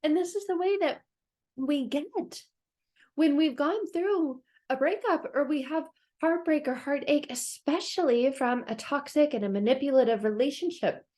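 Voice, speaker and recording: A woman hosting a self-help video, telling a story in a playful, animated way and laughing often. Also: sits high, normal speed. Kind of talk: casual advice talk to camera.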